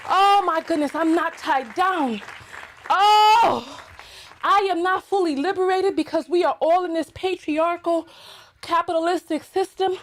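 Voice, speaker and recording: High-pitched, breathless woman streaming live. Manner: exuberant, breathless and playful, talking to viewers. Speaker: livestream host. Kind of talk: casual livestream chat.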